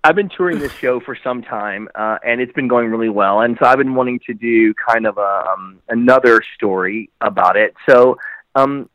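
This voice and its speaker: A man who works as an actor, guesting on an interview and telling rambling, animated stories. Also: moderate pace, no echo, highs cut off. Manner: animated, jumps into high voices when quoting people; rambling with many fillers and restarts. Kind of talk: casual storytelling interview.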